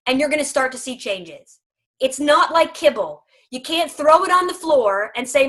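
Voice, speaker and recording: A woman's voice: high voice, animated, moderate pace, a bit bright. A woman speaking for a dog food company in a casual video chat, emphatic, humorous and persuasive.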